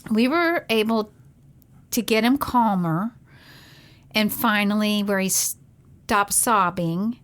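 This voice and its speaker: A woman's voice: medium pitch, slow, long pauses, fairly bright tone. A middle-aged woman co-hosting a casual podcast, recounting events in an earnest, conversational way with frequent "like" fillers. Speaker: podcast co-host, parent.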